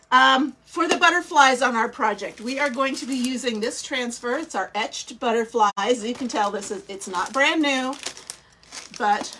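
Slow-talking, stuffy-nosed woman host. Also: fairly high pitch, fairly bright tone. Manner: chatty, welcoming, thinks aloud. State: scratchy throat, stuffy nose. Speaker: craft livestream host. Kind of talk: casual live craft demo chat. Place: small indoor craft studio.

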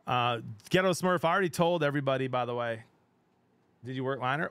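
A middle-aged man streaming games, chatting casually with his viewers. He talks in a chatty, excitable way, laughs often and trails off mid-sentence. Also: mid-range voice, brisk, smooth, dry recording. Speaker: game streamer. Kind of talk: casual live-stream chat.

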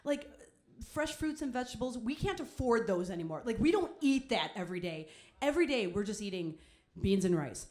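A woman's voice: mid-range voice, big pitch swings, a little fast, a little mellow. A young woman telling a comic personal story on stage, chatty and self-mocking, with many "like"s. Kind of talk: live comedic storytelling.

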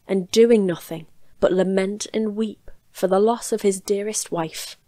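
A woman reads a fairy tale aloud in a calm, measured way, her voice sitting at a middle pitch. The recording is dry and close, made in a small home studio. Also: dry recording. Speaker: storyteller.

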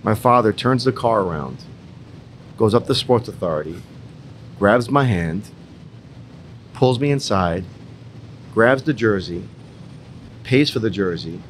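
A man's voice: fairly low pitch, lively intonation, a little slow, long pauses, slight background noise. A young man at a business roundtable, telling a personal story in an emphatic, repetitive way with some swearing. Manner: emphatic, repetitive, mildly profane. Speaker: entrepreneur in a roundtable.

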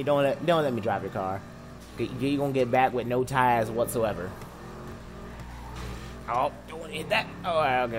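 Excitable young man commenting on gameplay. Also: mid-range voice, background noise. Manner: excitable, jokey, laughs and shouts a lot. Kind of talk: live let's-play commentary. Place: home room.

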